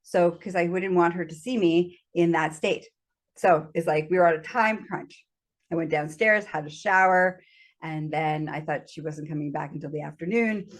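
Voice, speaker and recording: A woman's voice: lowish voice, moderate pace. A woman host telling a candid personal story, frank about sex, laughing often and acting out her own panic in quoted asides. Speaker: podcast host.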